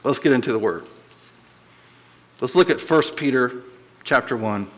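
In an unhurried, mid-range voice, a man leads a casual, conversational Bible study, often checking in with his listeners. He's animated, and his voice lifts whenever he stresses a point. The audio quality is poor.

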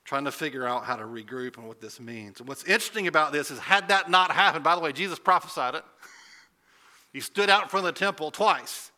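A man's voice: a little high, lively intonation, fairly quick, sharp tone. A man preaching a conversational sermon, asking rhetorical questions and building to emphatic points. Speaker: pastor.

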